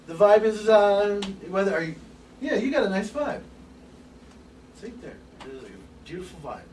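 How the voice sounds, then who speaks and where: A man giving an open forum lecture to a live group, animated and casual, swearing now and then and acting out little scenes. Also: high voice, moderate pace, roomy sound. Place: room with an audience. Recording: distant mic with background hiss.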